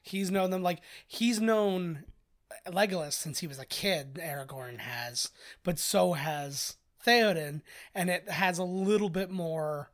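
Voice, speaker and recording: A man's voice: sits high, slow, a bit bright. A man co-hosting a casual movie commentary podcast, rambling with fillers as he shares film trivia. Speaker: podcast co-host.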